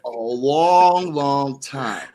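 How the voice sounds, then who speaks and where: A middle-aged man co-hosting a podcast, telling stories in an animated way and acting out what people said. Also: medium pitch, extremely slow, a crowd in the background. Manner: animated storyteller who acts out dialogue. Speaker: podcast co-host and wrestler. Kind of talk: casual podcast storytelling.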